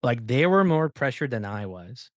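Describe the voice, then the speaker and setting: A man hosting a podcast, telling stories in a casual, animated way and acting out the people he quotes. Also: mid-range voice, moderate pace, dry recording, studio quality. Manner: animated storyteller, acts out quoted dialogue. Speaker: podcast host.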